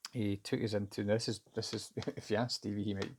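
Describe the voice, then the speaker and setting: A man's voice: on the low side, level tone, a little fast, a little mellow, a little hiss or hum. A Scottish man casually recounting a story in a rambling, hesitant way, with lots of fillers and restarts. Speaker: vlogger recounting a job interview.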